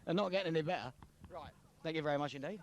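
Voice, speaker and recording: A man interviewing people for jokes, jovial and quick to laugh. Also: a little high, lo-fi sound, crowd noise. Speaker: street interviewer collecting jokes. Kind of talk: vox-pop banter.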